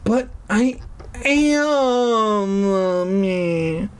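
A man reading aloud and voicing a frightened young girl, shrill and pleading. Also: fairly even intonation, drawn-out words, clean tone. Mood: desperate.

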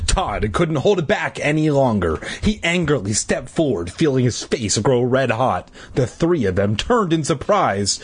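A man reads a children's book aloud in a casual, irreverent way. His voice is husky, with a lively, wide-ranging pitch. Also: unhurried. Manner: irreverent, swears, sighs between chapters. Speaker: reader. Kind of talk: casual storybook read-aloud.

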